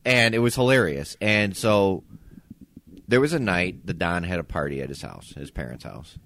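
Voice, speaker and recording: A man's voice: low voice, normal speed, a little hiss or hum. A man co-hosting a podcast, telling a story in a casual chat over drinks at someone's home and acting out the quotes. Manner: animated storyteller, acts out quotes. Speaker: podcast co-host. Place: indoors, home.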